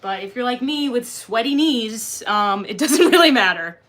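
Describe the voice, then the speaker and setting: A woman's voice: on the high side, animated, moderate pace, a bit bright. A woman livestreamer reading and answering chat in a jokey, crude, casual way. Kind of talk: casual live-stream chat.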